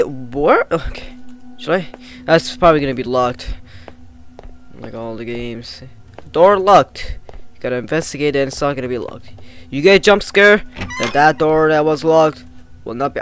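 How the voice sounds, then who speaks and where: A man giving casual, excitable let's-play commentary on a horror game, swearing, jumpy and talking back to the characters. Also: on the high side, moderate pace, smooth, soft background music. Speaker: gamer playing a horror game.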